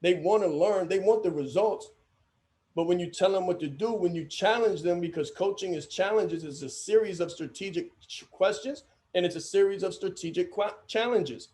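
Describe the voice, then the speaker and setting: A man with a notably high voice leads a training session for coaches. He speaks emphatically and circles back to repeat his main points. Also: moderate pace, a little mellow. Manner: emphatic, repeats key phrases.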